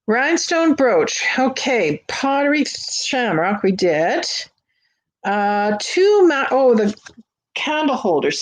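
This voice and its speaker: A woman hosting a live vintage sale from her home, chatting casually with fillers as she shows each item. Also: on the high side. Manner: chatty, unhurried, with frequent fillers and restarts. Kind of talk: casual live-stream selling. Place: home on a busy street.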